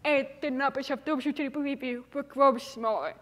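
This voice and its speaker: A woman's voice: high-pitched, steady tone, moderate pace, a bit bright. A young woman with a deaf speaker's accent, giving an earnest, emphatic inspirational talk on stage. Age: young adult. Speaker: TEDx speaker. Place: large hall. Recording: reverberant hall.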